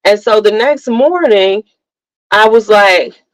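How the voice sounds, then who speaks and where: A woman's voice: mid-range voice, slow pace, no echo, poor audio. A middle-aged woman hosting a casual motivational talk, speaking emphatically and candidly, repeating her points for stress. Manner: candid storytelling. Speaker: host.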